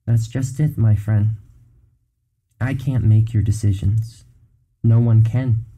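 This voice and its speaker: A man's voice: on the low side, steady tone, slow, mellow. A man reading aloud and voicing a cheerful, cryptic old man who talks in a gleeful, playful way. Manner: gleeful, chuckling.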